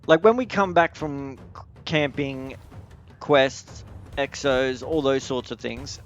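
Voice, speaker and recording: Rambling man with a gravelly voice. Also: medium pitch, slow pace, highs cut off. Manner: rambling, repeats words, casual swearing. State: married. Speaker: podcast host. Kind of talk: casual podcast chat while playing a video game.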